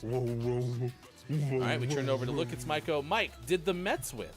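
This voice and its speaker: A man hosting a morning radio show, casual and jokey, quick to laugh. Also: mid-range voice, over music.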